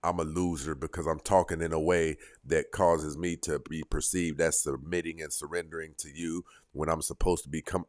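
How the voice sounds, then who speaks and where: A sheepish, hesitant young man stumbling through an approach, as a man mocks him in a very deep voice. The parody is quiet and halting. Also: flat delivery, no room sound, studio quality. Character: nervous, submissive young man approaching a woman.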